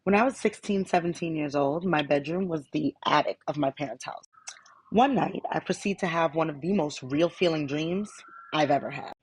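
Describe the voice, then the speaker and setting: Husky low-voiced woman telling a story. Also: moderate pace, dry recording, poor audio. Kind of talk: casual storytime.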